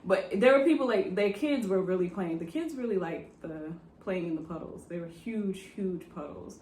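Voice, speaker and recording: A woman from San Francisco telling a travel story in casual chat, animated and acting out the people she quotes. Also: lowish voice, moderate pace, slight background noise. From San Francisco, USA. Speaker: travel vlogger. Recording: roomy echo with faint music.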